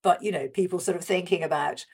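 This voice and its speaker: A woman speaking as an interview guest, chatty and animated, with many fillers and restarts. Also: on the low side, fast, husky. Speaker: guest discussing a radio show's history. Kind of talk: conversational interview.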